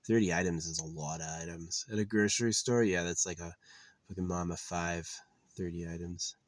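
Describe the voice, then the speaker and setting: A man's voice: deep voice, fairly even intonation, fairly quick. A man talking to camera in a meandering, profane monologue, full of fillers and restarts. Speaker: vlogger. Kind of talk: rambling casual monologue.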